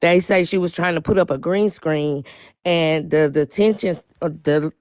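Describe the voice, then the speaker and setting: A woman joining a live stream to pass on news, speaking haltingly with many fillers. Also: lowish voice, darkish tone, no room sound, studio quality. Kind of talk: casual live-stream chat.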